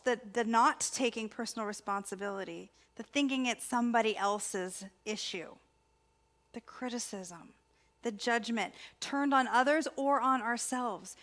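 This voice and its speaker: A woman, a spiritual practitioner, giving an inspirational sermon in a conversational, expressive way with repeated emphasis. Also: high voice. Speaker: spiritual practitioner and ministry student speaker.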